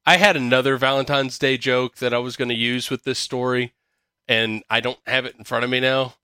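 A man's voice: medium pitch, steady tone, brisk, bright, forceful tone, clean tone, no echo, studio quality. A man hosting a podcast, chatting casually and reading news articles aloud, swearing freely with a sarcastic, ranting manner. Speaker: podcast host.

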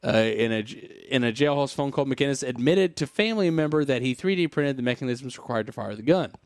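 A man's voice: mid-range voice, animated, a little fast, dry recording. Dry-voiced man reading news wryly. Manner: sarcastic, wry asides and sighs. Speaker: podcast host reading news. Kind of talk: casual chat, reading an article aloud with comments.

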